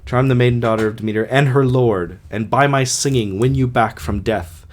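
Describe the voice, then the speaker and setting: A man's voice: mid-range voice, normal speed, slight background noise, natural voice. A man reading a grieving king. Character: grieving king, an adult man, devoted to his wife. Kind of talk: amateur audiobook reading.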